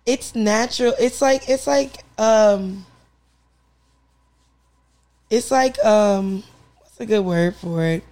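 A woman co-hosting a casual chat, lively and joking, quick to laugh. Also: medium pitch. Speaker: podcast co-host.

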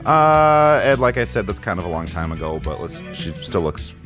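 Playful lively-voiced man hosting a podcast. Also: low voice, normal speed, over music. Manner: playful, mock-dramatic, breaks into laughter. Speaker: podcast host. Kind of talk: casual comedic podcast chat.

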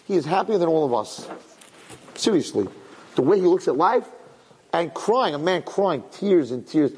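A man's voice: fairly high pitch, expressive, moderate pace, a little mellow, breathy edge. A man telling an inspirational story to an audience, emotional and repeating words for emphasis. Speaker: religious speaker. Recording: long hall reverb.

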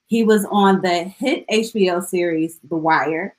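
A woman's voice: lowish voice, a little slow, rough recording. A woman hosting a casual chat show and introducing her guest in a chatty way. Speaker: podcast host.

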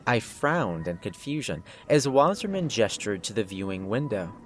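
A man narrating a horror story in a steady, suspenseful scripted style. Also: lowish voice, moderate pace, faint music behind.

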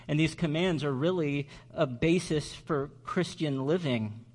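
A man preaching a sermon as pastor, earnest and slowing down on key words for emphasis. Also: on the high side, a little mellow.

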